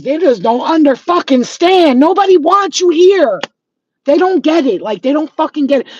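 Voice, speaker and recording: A woman's voice: medium pitch, dark tone, dull audio. A woman hosting a spiritual channel, ranting in an unscripted vlog, profane, heated and confrontational.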